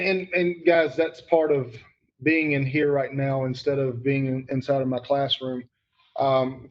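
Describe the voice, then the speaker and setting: A man's voice: medium pitch, dull audio. A man teaching grammar to students online, emphatic and repeating key points, calling on students by name.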